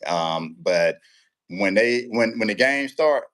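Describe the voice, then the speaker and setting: Man, umpire guest, casual interview, animated storyteller, laughs a lot, conversational. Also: lowish voice, slow. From Central Texas.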